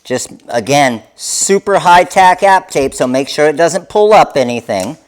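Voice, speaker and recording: Running a live craft tutorial, a male demonstrator walks viewers through every step at an unhurried, deliberate pace. His mid-range voice is expressive, and he stays upbeat and hands-on throughout.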